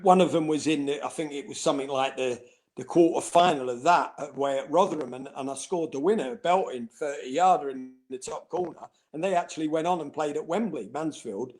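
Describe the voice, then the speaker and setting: Telling anecdotes briskly in an easygoing interview, a middle-aged ex-footballer speaks with a slightly high, somewhat mellow male voice. He laughs often and does impressions of the voices he quotes.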